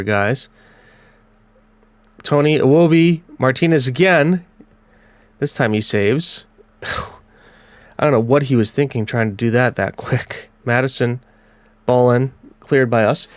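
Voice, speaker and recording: A man's voice: mid-range voice, no room sound. Congested man calling a football game. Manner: chatty, calls match play in quick bursts. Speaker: gaming commentator. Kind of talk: casual let's-play commentary.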